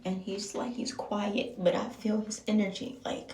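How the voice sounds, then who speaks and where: Candid young woman, gravelly, roomy and distant. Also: mid-range voice, little pitch movement, slight background noise. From Baltimore. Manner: candid and emotional, with drawn-out pauses and soft whispered stretches. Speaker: vlogger. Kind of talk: casual storytime monologue.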